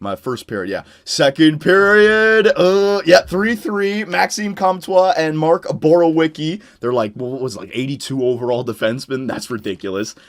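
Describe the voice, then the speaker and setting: A young man commentating on his own hockey video game, swinging between loud excited shouts and low muttered talk, his voice worn out. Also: normal speed, hardly any pauses. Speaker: gaming YouTuber.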